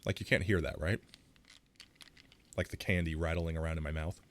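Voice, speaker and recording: A man's voice: very deep voice, fairly even intonation, normal speed, slight background noise. A man streaming live with a sore throat, rambling casually into a close mic while he plays. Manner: rambling, self-deprecating, reacts loudly.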